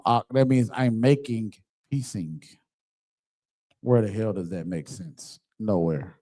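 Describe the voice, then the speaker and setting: A man's voice: lowish voice, slow pace, dark tone. A man, teaching an online class over a computer microphone in an emphatic manner and often checking that his listeners follow. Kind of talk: online scripture class with screen sharing.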